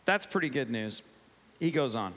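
A man's voice: medium pitch, expressive, normal speed, fairly bright tone. A man preaching a sermon as pastor, talking in a conversational, playful way with asides to the congregation. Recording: long reverb of a large hall.

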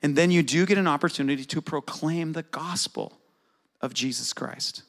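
A man's voice: a little high, normal speed, creaky, a bit bright. A middle-aged man preaching a sermon in a conversational way, asking his congregation questions. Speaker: pastor.

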